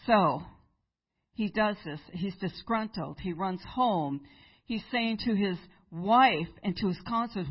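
A woman preacher telling a Bible story in a sermon, animated and acting out the characters. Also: mid-range voice, slow, slightly rough, muffled recording.

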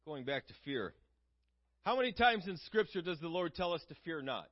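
A man's voice: on the high side, sing-song, moderate pace, lo-fi sound. A man preaching a sermon in an earnest, conversational way, asking his listeners questions.

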